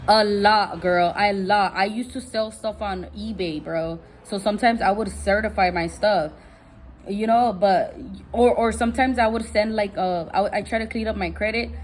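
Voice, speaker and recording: A woman in her thirties telling a casual story in an animated, heated way, often repeating "I was like". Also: medium pitch, normal speed, a little hiss or hum. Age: 30s. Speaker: vlogger.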